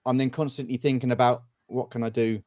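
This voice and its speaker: A man's voice: mid-range voice, level tone, fast talker, a little mellow, dry recording, studio quality. A man from the United Kingdom hosting a video-call livestream, jokey and playful, with frequent stammering restarts. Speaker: livestream host. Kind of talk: livestream discussion.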